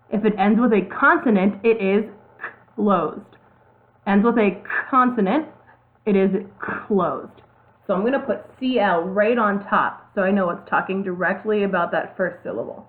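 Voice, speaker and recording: Woman teacher, step by step, tinny audio. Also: mid-range voice. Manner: slow, step-by-step, spells out letters. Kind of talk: classroom video lesson.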